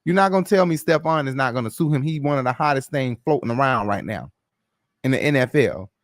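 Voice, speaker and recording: A man's voice: medium pitch, lively intonation, fast talker, dry recording, clean studio sound. A man hosting a casual gossip show, giving blunt, profane opinions in a loose, chatty way. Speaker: host.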